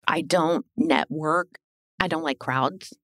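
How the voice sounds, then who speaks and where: A middle-aged woman telling her life story as a podcast guest, animated and blunt, swearing and acting out what people said. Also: low-pitched, takes it slowly, no echo. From Illinois. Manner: animated, swearing, acts out quoted dialogue. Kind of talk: casual storytelling interview.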